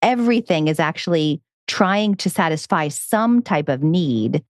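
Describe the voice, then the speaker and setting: A woman hosting a podcast, sharing thoughts and asking thoughtful follow-up questions in a relaxed conversation. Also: low voice, measured pace, dry recording, studio quality. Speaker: podcast host.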